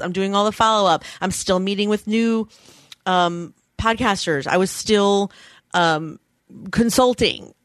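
A woman in her thirties chats candidly on her podcast, self-deprecating and quick to act out what others said. Her voice sits at a middle pitch and sounds dry and close, with no room around it. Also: a bit bright, dry recording. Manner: candid, chatty, self-deprecating, acts out quoted lines. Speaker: podcast host. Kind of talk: casual chat.

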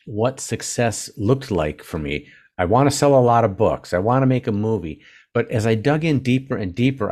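An older man, an author guest in an interview, talking casually in a halting, earnest way with many restarts. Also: mid-range voice, darkish tone.

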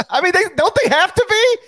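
A man with a high voice co-hosting a sports podcast and bantering playfully in casual chat. The sound is dry and close to the mic. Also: very animated, moderate pace, sharp tone, no echo. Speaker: podcast co-host.

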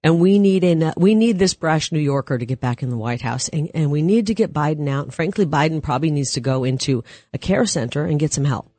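A woman's voice: sits low, animated, fairly quick, hardly any pauses, warm tone, no echo. A middle-aged woman talking as a guest on a political talk show, emphatic and punchy.

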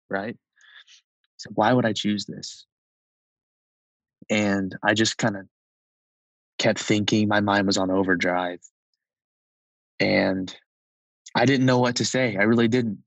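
Young man with a low voice telling a story. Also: a little slow, long pauses, no room sound, poor audio. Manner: conversational, with frequent "like" and soft laughs. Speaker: storyteller recounting a personal experience. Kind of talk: casual personal storytelling.

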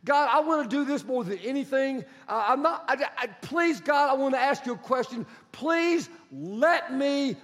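A man's voice: extremely high pitch, animated, moderate pace, hardly any pauses, fairly bright tone, big-room sound. A man voicing a humble, grateful king who pleads earnestly, as part of a sermon. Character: humble, grateful male king looking back on life. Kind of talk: acted quotation in a sermon.

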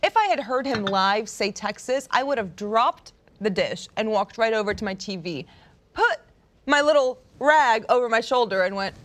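A woman's voice: a little high, animated, moderate pace, a bit bright. A young adult woman co-hosting a sports talk show, playful and joking in casual banter.

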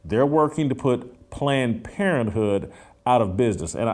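A man's voice: mid-range voice, moderate pace, darkish tone. A man hosts his own talk show, talking straight to his audience in a fired-up monologue. He speaks with urgency and emphasis and often stops on filler sounds between his points.

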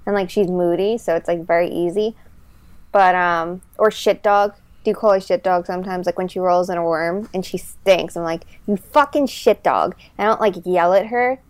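A woman in casual podcast chat, telling stories in an animated, chatty way with many fillers. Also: fairly low pitch, moderate pace, clean tone, no echo.

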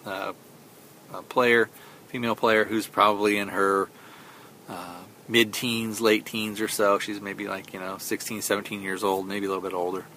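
A man with a lowish voice and a bright, forceful tone, retelling a movie's story in a loose, rambling way. He keeps stopping on fillers and acts out what the characters say. A faint rumble sits under the recording. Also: flat delivery, normal speed. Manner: rambling, retells scenes with quoted lines, many fillers. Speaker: podcast host. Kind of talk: casual film review recap.

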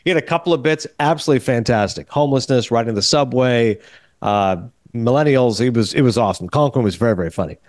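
A middle-aged man hosting a podcast, telling a rambling, animated story and acting out the dialogue in a casual chat. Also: mid-range voice, quick pace, dry recording. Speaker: podcast host.

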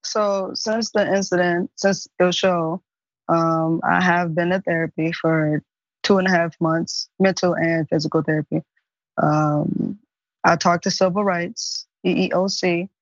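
A woman answers interview questions hesitantly, filling her pauses with ums. Her delivery is flat and even. The audio is dry and muffled. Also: fairly low pitch, dry recording. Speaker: interview guest.

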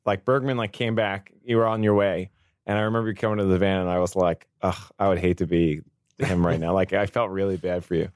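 A low-voiced man co-hosts a podcast and chats in an easygoing, reflective way. The recording is close and dry. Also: fairly even intonation, a little fast, no echo. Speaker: podcast co-host. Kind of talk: casual chat.

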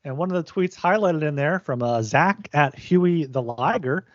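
A man's voice: a little high, animated, normal speed, dry recording. A man co-hosting a sports podcast, talking casually with some stammering. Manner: hesitant, stammering delivery. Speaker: podcast co-host. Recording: dry dull lo-fi audio.

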